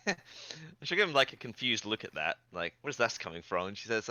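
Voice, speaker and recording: Bright, animated male player. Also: on the low side, a little fast, dry recording. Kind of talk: playing a tabletop game.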